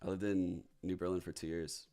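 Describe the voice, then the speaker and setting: A man's voice: low voice, little pitch movement, brisk. A man from New Orleans chatting casually on a livestream, joking and swearing as he reacts. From New Orleans, United States. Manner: profane, joking, reacting out loud. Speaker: streamer hosting a watch party.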